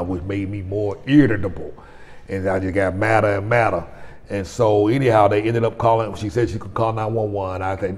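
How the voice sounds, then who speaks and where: A man's voice: sits low, steady tone, fairly quick, darkish tone. A man in his forties hosting his own vlog, telling a personal story in a rambling, conversational way with frequent restarts. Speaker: vlogger host. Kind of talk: casual storytelling to camera. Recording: long reverb.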